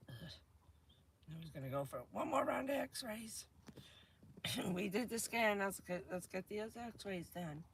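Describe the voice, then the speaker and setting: A woman with a hoarse, stuffy voice from a cold, chatting casually on a vanlife livestream from her van, laughing often and answering her viewers. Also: medium pitch, animated, measured pace, long pauses, a little hiss or hum. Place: inside a camper van.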